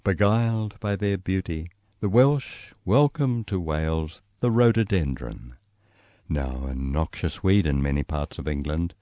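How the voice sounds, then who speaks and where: A man with a New Zealand accent reading his travel memoir aloud, storytelling in a lively way. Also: unhurried, no room sound. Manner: lively storytelling, voicing quoted people with raised pitch. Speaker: memoir reader.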